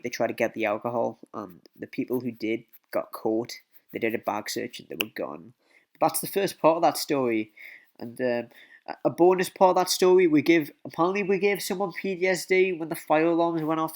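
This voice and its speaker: Casting: casual storytime vlogger, male, bright and tense, talks in repeats and restarts. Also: mid-range voice, expressive, moderate pace. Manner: rambling, repeats words and swears often.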